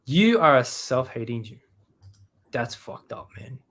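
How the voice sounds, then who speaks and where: A man hosting a live stream, ranting angrily with lots of swearing, swinging from loud outbursts to low muttering. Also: sing-song, measured pace. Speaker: show host. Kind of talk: profane live-stream rant.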